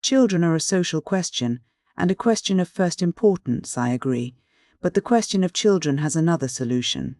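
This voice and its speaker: A man voicing an earnest, excitable young idealist who speaks eagerly and preachily, in an audiobook. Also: fairly high pitch, moderate pace, no room sound, studio quality.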